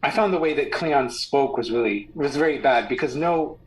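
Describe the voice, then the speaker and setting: A man talks casually over a call, weighing his opinions carefully. He speaks with hesitant restarts and an analytical bent. His voice sits at a plain middle pitch for a man. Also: a little fast, hardly any pauses, background noise. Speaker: guest on a call. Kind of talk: casual chat.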